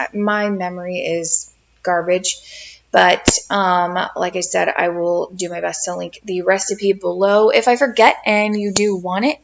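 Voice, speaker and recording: A woman's voice: mid-range voice, gravelly, background noise. A woman in her thirties, a mother doing a casual, rambling cooking voice-over, self-deprecating and sleepy. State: tired, yawning. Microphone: home voice-over mic.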